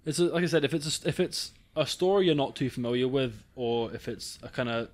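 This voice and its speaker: Male podcast co-host, mid-pitched voice, earnest casual film talk. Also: a little fast. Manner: earnest, repeats himself. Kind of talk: casual film review chat.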